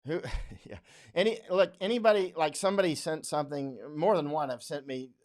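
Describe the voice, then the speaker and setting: Fairly quick and a little mellow, a fairly high male voice belongs to an American man hosting a casual livestream. He reads out viewer comments on a studio microphone, rambling bluntly, laughing a lot, and mocking others' words in put-on voices.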